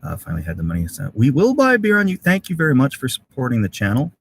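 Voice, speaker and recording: A man's voice: mid-range voice, wildly swooping pitch, quick pace, gravelly, slight background noise. A middle-aged man hosting a casual live stream from a winter campsite, reading out viewer comments and thanking people with lots of uhs and ums. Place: outdoor winter camp in severe cold.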